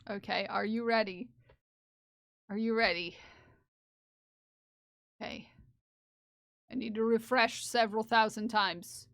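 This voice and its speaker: A woman streamer with a fairly high voice, talking slowly and playfully to her chat and giggling often. The sound is dry and close, with no room echo. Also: fairly even intonation, creaky, fairly bright tone. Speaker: live streamer. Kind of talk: casual livestream chat.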